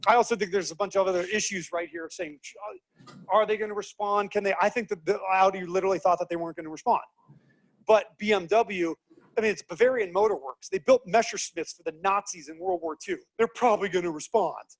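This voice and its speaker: High, animated man speaking to a group. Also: fast talker. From United States. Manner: animated, acts out quoted voices, asks the audience questions. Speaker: speaker teaching leadership. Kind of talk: lively seminar talk to a group.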